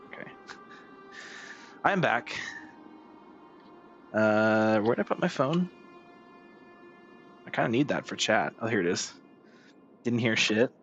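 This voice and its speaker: A man's voice: on the low side, measured pace, pauses often, highs cut off. A young man streaming a game, chatting casually with a playful, teasing tone. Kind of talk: casual live-stream chat. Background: game music.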